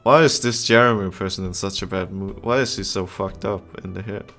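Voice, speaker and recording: In this casual gaming video, a young gamer reads a visual novel out loud in a fairly low, brisk, slightly bright voice with fairly even intonation. Frequent laughs and crude, profane asides about the characters interrupt the text, while faint music plays beneath.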